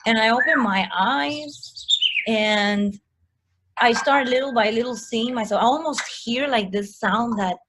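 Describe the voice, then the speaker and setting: A woman telling a personal story as a guest in a casual chat, animated, full of likes and restarts. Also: fairly high pitch, a little slow, noisy background.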